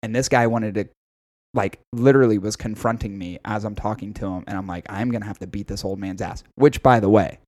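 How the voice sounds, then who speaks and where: A man co-hosting a podcast, telling a story in casual, profane, animated chat. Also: on the low side, fairly quick, dry recording. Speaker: podcast co-host.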